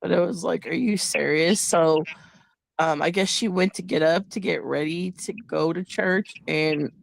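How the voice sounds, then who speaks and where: A woman host in a casual chat, telling a personal story in an animated way and acting out the voices she quotes. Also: fairly low pitch, a little slow, creaky, dry recording.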